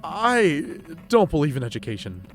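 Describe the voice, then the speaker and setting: A man's voice: fairly high pitch, wildly swooping pitch, normal speed. A man streaming a game, reading his character's lines aloud and joking between them.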